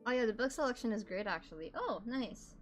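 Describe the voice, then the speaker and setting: A woman's voice: on the high side, fairly quick, soft background music. A young adult woman streaming a game, chatting casually and animatedly with her viewers at a desk microphone. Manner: chatty and animated, talks to her chat, exclaims often. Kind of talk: casual gaming livestream chat.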